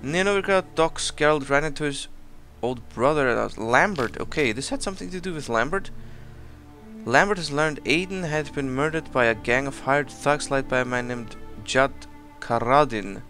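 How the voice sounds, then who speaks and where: A man hosting a let's play, giving casual commentary full of excited exclamations and rambling asides. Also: mid-range voice. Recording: commentary over loud game music. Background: game music.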